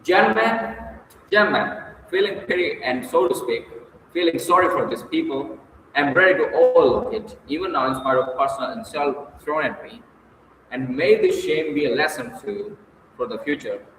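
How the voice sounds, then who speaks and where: A man voicing a pompous, self-righteous middle-aged gentleman who lectures in a stilted way, in a story reading. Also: on the high side, lively intonation, normal speed, a little hiss or hum, voice pushed up. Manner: stilted, lecturing, turns flustered. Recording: echoey distant room, long reverb.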